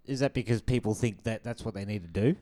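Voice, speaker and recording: A man's voice: lowish voice, fast talker, dark tone. A man co-hosting a casual podcast, dry and wry, sometimes hesitant. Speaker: podcast co-host. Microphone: studio microphone.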